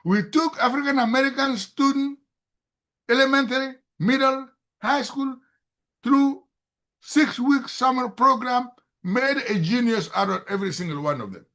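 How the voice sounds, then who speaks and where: An older man giving an emphatic, excitable presentation over a video call, mentoring students on how to excel. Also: very high voice, moderate pace. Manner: excitable, emphatic lecturing that rises loudly when stirred. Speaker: STEM mentor presenting a program.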